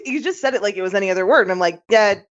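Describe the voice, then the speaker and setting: A woman's voice: medium pitch, animated, very fast, lo-fi sound. A woman co-hosting a podcast, telling stories in casual chat and laughing often. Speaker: podcast co-host.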